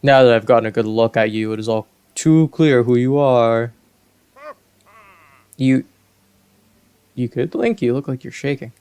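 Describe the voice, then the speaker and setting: A man voicing an aged, huge male fish-folk king in a video game, speaking formally and slowly. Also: mid-range voice, darkish tone, clear, resonant tone, close to an everyday voice. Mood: regal. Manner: formal, stately, slow and courtly.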